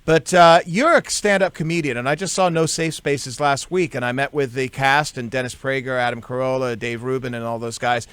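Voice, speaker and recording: A man's voice: medium pitch, steady tone, a little fast, hardly any pauses, fairly bright tone, clean tone, dry recording. A male radio talk show host interviewing a guest, easygoing with many fillers.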